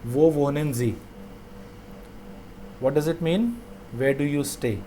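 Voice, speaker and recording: A man teaching a language lesson, saying each phrase slowly twice and then explaining it. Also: fairly high pitch, mellow, a little hiss or hum.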